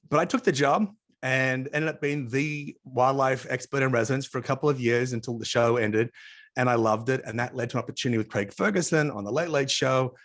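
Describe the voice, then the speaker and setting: A man's voice: medium pitch, a bit bright. A middle-aged Australian man, an interview guest on a video call, telling chatty anecdotes with asides in a casual storytelling way.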